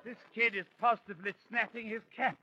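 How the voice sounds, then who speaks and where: A man trading dry, mock-exasperated comedy banter as a guest, on an old radio broadcast with loud hiss. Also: high-pitched, steady tone, fast talker, dull audio.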